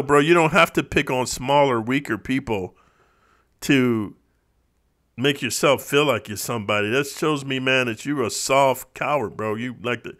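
A man's voice: mid-range voice, a bit bright. A man talking in a casual vlog monologue, streetwise and preachy, constantly calling the listener bro. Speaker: vlogger.

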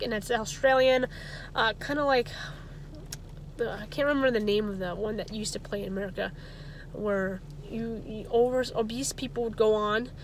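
A woman with a slightly high voice talks casually to her viewers in a loose, rambling vlog chat. She often trips over words and starts them again. She gets heated and indignant as she goes. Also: a bit bright, slight background noise. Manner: rambling, stumbles and restarts words. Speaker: vlogger.

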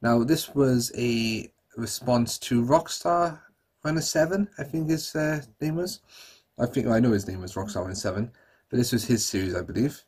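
Chatty YouTuber, husky voice. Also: male voice, medium pitch, expressive, moderate pace, a little mellow. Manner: chatty and self-deprecating, with frequent fillers. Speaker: YouTuber host. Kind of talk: casual retrospective chat to camera.

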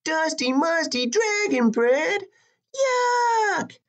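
A man's voice: huge pitch swings, a little slow, breathy edge, full character voice. A man voicing a spoiled, bratty young princess who shrieks and whines in a storybook reading. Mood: shrieking. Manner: shrill, whiny, screaming outbursts.

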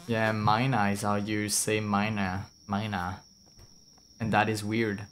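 French accent guy streaming a game, lowish voice, rambly and chatty, swears a bit. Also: completely flat delivery, a little slow, fairly bright tone, a little hiss or hum. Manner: rambling, chatty, swears, reads chat aloud. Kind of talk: casual gameplay commentary.

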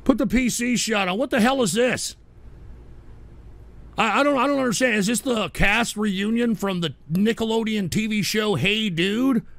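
A man hosting a live stream show, exasperated and profane, ranting and breaking into shouting outbursts. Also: sits high, normal speed, gravelly, no echo. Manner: profane and comedic. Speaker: livestream show host.

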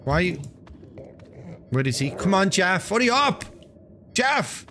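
A man commenting live over a game, swearing and joking crudely, breaking into excitable outbursts. His voice sits slightly high and he talks at an unhurried, drawn-out pace. A clear layer of background noise runs under the stream audio.

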